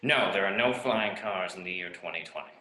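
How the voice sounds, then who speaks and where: A man's voice: low-pitched, a little fast, pushed and bright. A man playing a weary time traveler from the future in a comedy sketch, fumbling and exasperated as he explains. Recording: roomy echo.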